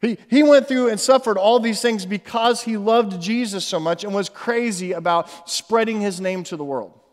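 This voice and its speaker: High-voiced man preaching in an echoey hall. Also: moderate pace. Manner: earnest, animated preaching with repeated phrases. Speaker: pastor. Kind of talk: sermon. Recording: echoey hall with long reverb.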